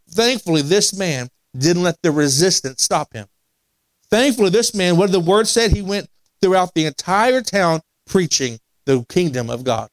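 Male pastor, conversational sermon delivery that climbs to emphasis; slightly high pitch. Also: no echo. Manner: conversational preaching with repetitions and restarts, rising to emphatic. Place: church sanctuary.

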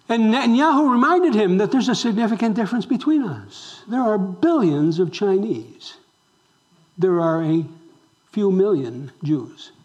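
High-voiced emphatic male pastor. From raised Roman Catholic. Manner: emphatic preaching with rhetorical questions to the congregation; swings between loud exclamations and hushed near-whispers. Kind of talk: sermon.

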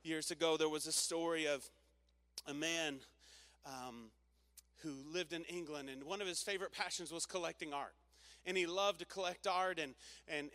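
A man's voice: on the high side, fairly bright tone. A man preaching a sermon, telling a story and calling on the congregation to repeat phrases back. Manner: storytelling, call-and-response with congregation. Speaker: pastor.

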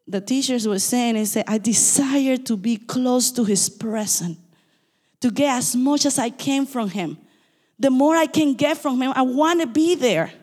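A woman pastor with a non-native English accent, preaching a sermon fast and emphatically, with quick asides to her listeners. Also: high-pitched, darkish tone, in a large hall.

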